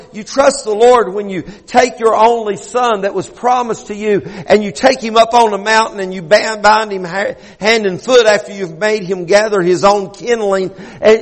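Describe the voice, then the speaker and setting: A man's voice: high voice, long reverb tail. A man preaching a sermon, earnest and often repeating himself as he builds a point. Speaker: pastor.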